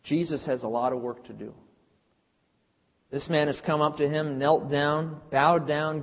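A man's voice: a little high, steady tone, measured pace. A man preaching a sermon in an emphatic, preacherly way, sometimes acting out the lines he quotes. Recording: dull lo-fi audio with long hall reverb.

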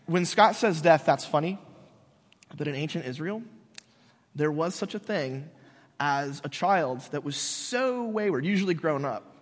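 Animated male preacher in a reverberant hall. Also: on the high side, a little slow. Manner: animated, conversational storytelling. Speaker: pastor. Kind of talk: casual sermon.

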